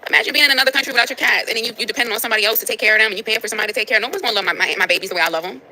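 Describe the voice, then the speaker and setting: Brief: nasal woman livestreamer, quick delivery, bright edge, emphatic and repetitive. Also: fairly high pitch, a little hiss or hum, low-quality recording. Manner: emphatic and preachy, repeats phrases. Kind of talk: casual livestream talk to viewers.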